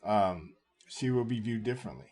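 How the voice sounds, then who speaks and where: A man's voice: fairly low pitch, animated, moderate pace, a little mellow. A man giving reaction commentary on video clips, lecturing and emphatic, repeating his points.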